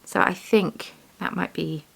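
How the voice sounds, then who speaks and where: A woman's voice: on the low side, fairly even intonation, unhurried, gravelly, husky. A young woman vlogger chatting casually while she does bead weaving, rambling and poking fun at herself. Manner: rambling, self-deprecating, chatty. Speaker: vlogger, yarn dyer and shop owner.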